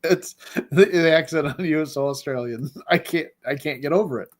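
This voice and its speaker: A man's voice: on the high side, brisk. A man co-hosting a live chat show, playful and teasing, laughing often. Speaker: co-host and tech producer. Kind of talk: casual livestream banter.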